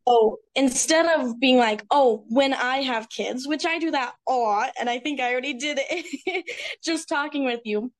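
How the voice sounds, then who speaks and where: A woman's voice: high-pitched, normal speed. A woman guest in a casual podcast conversation, talking earnestly and reflectively. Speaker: speaker at a women's retreat.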